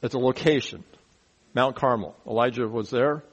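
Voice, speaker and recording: A man teaching the Bible verse by verse in an animated way. He asks rhetorical questions, makes sound effects, and drops folksy, joking asides. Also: medium pitch, moderate pace, muffled recording.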